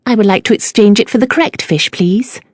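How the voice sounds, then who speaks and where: A proud young lady speaks crisply and decisively, as a woman reader voices her. Her words come pert and firm. The sound is close and dry. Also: mid-range voice, brisk, dry recording, pitched above the performer's own voice, lightly acted.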